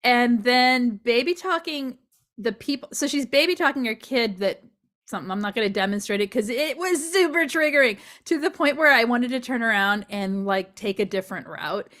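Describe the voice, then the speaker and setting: Woman guest, fairly high voice, animated storyteller, laughs easily. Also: moderate pace. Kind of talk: casual chat.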